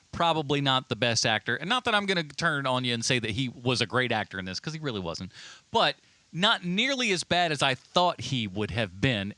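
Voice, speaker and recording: Lively, bright-voiced man joking about films. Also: mid-range voice, no room sound. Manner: animated, jokey, quick to laugh. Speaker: podcast co-host. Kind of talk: casual movie podcast chat. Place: home basement.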